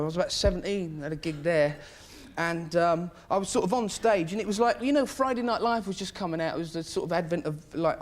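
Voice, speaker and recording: High-voiced man telling rambling comic stories. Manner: rambling, laughing storyteller who acts out voices. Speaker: comedian guest. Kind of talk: animated anecdote telling on a chat show. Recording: noisy studio with audience. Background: audience laughter and noise.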